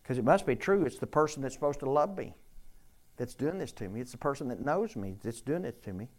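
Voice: medium pitch, animated, brisk, darkish tone. Older preacher quizzing the congregation. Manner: questions the audience, teasing, emphatic. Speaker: preacher teaching scripture. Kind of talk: interactive sermon with congregation.

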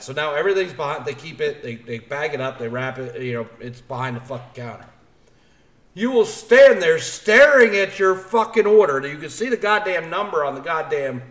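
A man on a podcast, heated and swearing freely as he rants through casual chat. His voice sits a little high, and it rings with a roomy echo. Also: fairly bright tone. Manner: profane, fired-up ranting. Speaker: podcast co-host.

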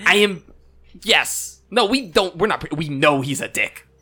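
Man player, upbeat and bright, a bit high. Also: animated, measured pace, husky. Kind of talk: casual play at a tabletop game.

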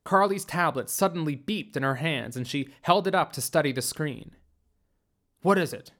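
A man reads a science fiction story aloud as its narrator. His delivery is steady and deliberate. His voice sits a little high for a man.

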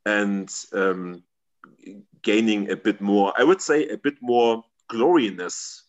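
Man, lowish voice, halting, searches for words, interview guest. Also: highs cut off. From Germany. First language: German. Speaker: guest, metal band member. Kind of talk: casual interview answers.

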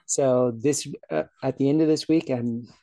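A man's voice: mid-range voice, fairly even intonation, normal speed, warm tone, no echo. A man from South Florida, a podcast host, rambling cheerfully through a casual outro and laughing at his own slips.

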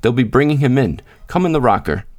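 A man voicing a tense, grieving young miner's wife who hushes her children with sharp commands. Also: mid-range voice, animated, a little fast, pitched above the performer's own voice, natural voice.

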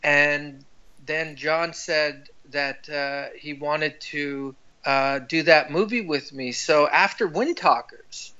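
Laid-back male host, bright and forceful, slightly high, muffled recording. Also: takes it slowly, clean tone. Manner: laid-back, says "dude" often. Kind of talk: casual chat.

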